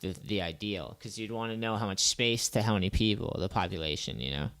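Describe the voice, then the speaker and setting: A man's voice: fairly low pitch, expressive, fairly quick, a bit bright, clear, resonant tone. Rambling, profane podcast host guy. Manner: rambling, loose and profane, full of "like" and "you know". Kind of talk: casual chat.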